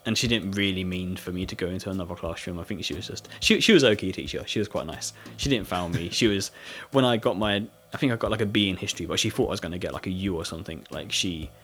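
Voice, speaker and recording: A young British man with a husky voice, casually telling a school story with lots of "like" fillers and laughter. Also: sits low, fast talker, fairly bright tone, faint music behind. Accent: British English. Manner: rambling storytelling with frequent "like" fillers, laughing often. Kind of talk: casual chat.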